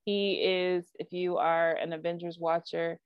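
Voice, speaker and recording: A woman co-hosting a podcast in casual chat, animated and full of asides. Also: on the low side, measured pace, clear, resonant tone, dry recording. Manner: animated, with frequent likes and asides. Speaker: podcast co-host. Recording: dry, dull lo-fi sound.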